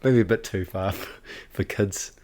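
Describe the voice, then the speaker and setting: A man's voice: low voice, normal speed, darkish tone. A young man, co-hosting a casual podcast chat, laughing often and swearing casually. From New Zealand. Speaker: podcast co-host.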